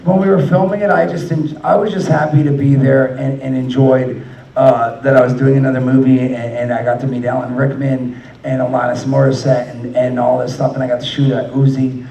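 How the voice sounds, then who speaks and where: A man's voice: mid-range voice, flat delivery, fairly quick, mellow. A man telling loose, profane stories as a guest on a convention panel, laughing often. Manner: rambling, profane, laughing storyteller. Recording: echoey hall, mic from far off.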